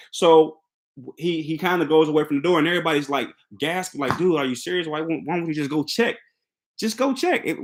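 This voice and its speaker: A young man casually recapping a movie plot for his channel. He tells it as an excitable story, restarts his sentences and acts out the characters' lines. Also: on the high side. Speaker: film reviewer recapping a movie.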